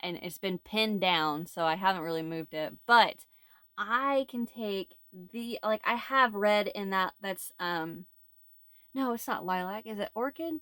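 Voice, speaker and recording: A woman's voice: mid-range voice, a little slow, bright, forceful tone, no echo, clean studio sound. A woman chatting casually to camera as a crochet vlogger, rambling and laughing easily. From United States. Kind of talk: casual chat.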